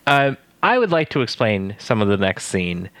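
A man co-hosting a casual podcast, recapping a TV episode with animated, incredulous asides. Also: fairly low pitch, moderate pace, dry recording. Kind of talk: casual chat.

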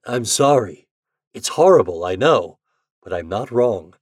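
A man's voice: lowish voice, lively intonation, measured pace, slightly rough, no echo, studio quality. A man reading a story and voicing a determined young journalist who speaks earnestly and insistently.

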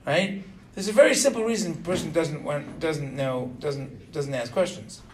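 A middle-aged man teaching an informal religious lesson to students. He is animated, keeps quizzing the class and tags his points with "right?". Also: fairly high pitch, moderate pace, a little hiss or hum.

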